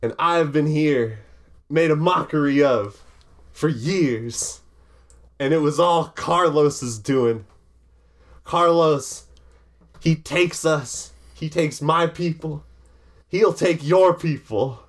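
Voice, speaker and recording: A bitter, defiant wrestler unloads a confession speech, slow and deliberate in a tabletop game, as a game master puts him on. The voice sits fairly high and the delivery is drawn out. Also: male voice. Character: vengeful male wrestler confessing a murder.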